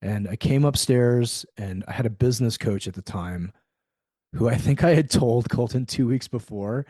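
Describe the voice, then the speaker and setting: Animated man telling a story, dry close mic. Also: mid-range voice, normal speed, no echo. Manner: animated storyteller, acts out quoted dialogue, swears freely. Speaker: podcast guest. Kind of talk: storytelling in a conversational interview.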